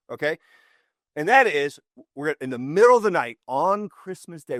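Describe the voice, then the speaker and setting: Animated, rambling man host. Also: dry recording, studio quality. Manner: rambling, restarts often, animated swings in pitch. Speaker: podcast host. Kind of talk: casual faith-history talk.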